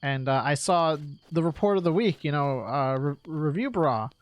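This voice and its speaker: A man's voice: a little high, expressive, moderate pace. A man from New York chatting casually while streaming, rambling with lots of "like" and "right?" and frequent laughs.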